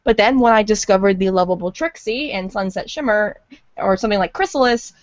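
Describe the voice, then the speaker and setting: A woman's voice: mid-range voice, brisk, no echo. A woman who is a fan voice actor, chatting casually and rambling a bit, on dull lo-fi audio. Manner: chatty, rambling, self-deprecating. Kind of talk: casual podcast chat.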